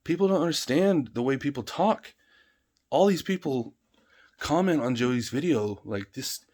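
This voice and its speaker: A man's voice: mid-range voice, a little slow. Heated, cursing man ranting. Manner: heated, profane, emphatic. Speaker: vlogger. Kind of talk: ranting vlog.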